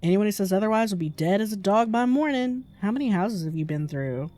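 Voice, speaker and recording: A woman reading the lines of a rough, cynical male drifter in a horror game, blunt and menacing. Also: medium pitch, lively intonation, fairly quick, dark tone, close to an everyday voice. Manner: blunt, menacing street talk.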